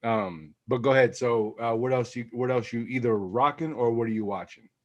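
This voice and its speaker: A man hosting a casual podcast in a relaxed, easygoing way, leading the segments. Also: mid-range voice, a little fast, highs cut off. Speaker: podcast host. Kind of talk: casual sneaker podcast chat.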